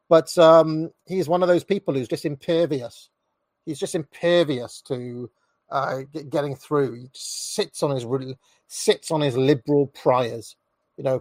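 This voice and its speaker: A man's voice: on the high side, a little mellow, dry recording. Sardonic male streamer. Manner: sardonic, mocking. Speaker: political commentator streamer. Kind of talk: live stream commentary reading posts.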